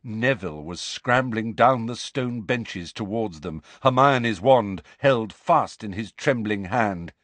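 A man narrating an audiobook in a measured, dramatic way. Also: medium pitch, fairly bright tone, no echo. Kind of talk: scripted narration.

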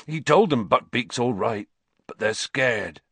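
Hagrid, a man voicing a shaken gentle giant. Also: medium pitch, animated, husky, dry recording. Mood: grieving. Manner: halting and subdued, stumbling over words. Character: huge gentle male groundskeeper, grieving and shaken.

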